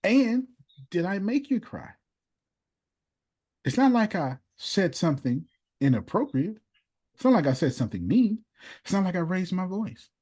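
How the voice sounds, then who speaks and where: In a live coaching session over video call, a motivational speaker and business coach addresses a group at a moderate pace, pausing often. His voice sits high and is very animated, with a darkish, husky tone, and his delivery is emphatic and preachy, casual in grammar and repetitive for effect.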